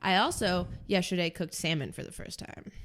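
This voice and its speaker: A woman's voice: fairly low pitch, moderate pace, fairly bright tone, a little hiss or hum. Chatty young woman podcast co-host. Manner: chatty, many "like" fillers. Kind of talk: casual chat.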